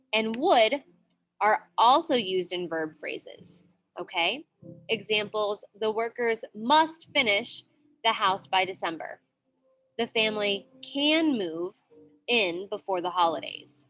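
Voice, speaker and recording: A female grammar teacher with a mid-range, pushed, bright voice works through her lesson with patience. She repeats points and keeps asking her students "okay?" to check in.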